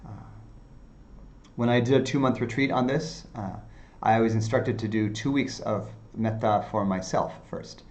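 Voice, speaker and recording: A male meditation teacher giving an unhurried dharma talk, with many fillers and softly repeated phrases. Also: on the low side.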